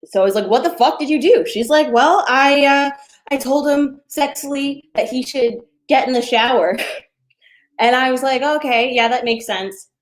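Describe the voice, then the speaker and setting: Playful woman comic in her twenties, fairly high voice. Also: moderate pace. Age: 20s. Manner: storytelling with many fillers and playful asides. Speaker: stand-up comedian. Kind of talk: stand-up comedy set. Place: home, performing on a video call.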